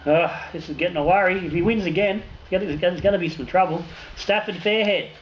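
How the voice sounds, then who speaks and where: On his own channel, a home brewer with a high voice and a brisk delivery picks raffle winners and chats casually about brewing. He jokes, swears freely, and often trails off and restarts, recorded in an echoey room with noticeable noise.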